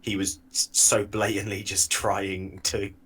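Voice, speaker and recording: A man's voice: deep voice, level tone, measured pace, a bit bright, slightly rough. A man in his thirties co-hosting a podcast in casual chat, telling stories with dry asides and frequent restarts. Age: 30s. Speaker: podcast co-host.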